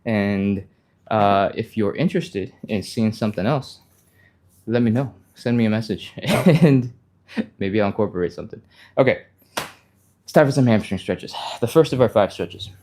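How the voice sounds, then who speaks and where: A man hosting a live stretching stream, talking fast and upbeat, laughing often as he walks viewers through each move. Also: on the low side, a little mellow, slight background noise. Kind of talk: live workout instruction.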